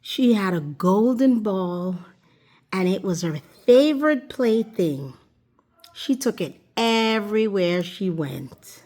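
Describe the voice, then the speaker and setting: A woman reading a children's fairy tale aloud in an expressive, sing-song way, as the host of a storytime channel. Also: mid-range voice, slow pace.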